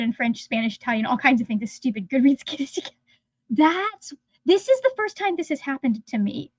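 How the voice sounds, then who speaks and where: A woman's voice: a little high, no room sound, highs cut off. A woman hosting a livestream, talking in a rambling, chatty way that often trails off mid-sentence. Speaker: livestream host. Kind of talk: casual livestream chat. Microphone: phone.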